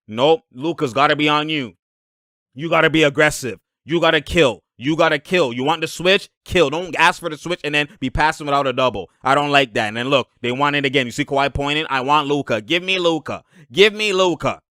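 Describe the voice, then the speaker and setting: A man hosting a casual basketball breakdown over game footage, animated and laughing as he shouts at plays. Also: a little high, a little fast, no echo, studio quality. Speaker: basketball video host.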